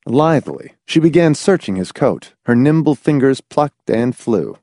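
Lively-pitched male audiobook narrator. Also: measured pace, few pauses, no echo, clean studio sound.

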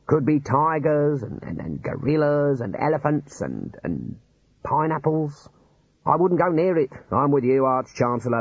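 A man voicing a gloomy, nervous old wizard scholar who talks deadpan and stammers through lists. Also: medium pitch, no echo. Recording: dull lo-fi recording.

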